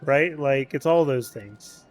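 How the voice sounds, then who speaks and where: A man streaming a video game, telling a story in casual chat as an animated rant. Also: mid-range voice, takes it slowly.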